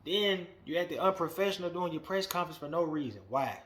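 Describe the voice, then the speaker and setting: A man hosting a wrestling podcast, giving a blunt, profane, animated opinion rant that swings between muttering and loud outbursts. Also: a little high, fast.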